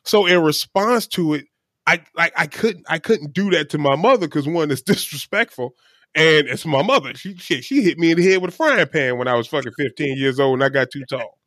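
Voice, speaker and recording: A man co-hosting a casual talk show, his voice sitting slightly high. He rambles and swears offhandedly, recorded close and dry with no room sound. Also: lively intonation, brisk, a bit bright, dry recording. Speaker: podcast co-host. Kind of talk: casual chat.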